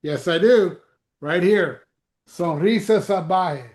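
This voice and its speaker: A man with a fairly high voice chats casually as a show host. He tells animated stories and swears freely. The sound is roomy and echoey. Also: slow pace. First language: Spanish. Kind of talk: casual chat.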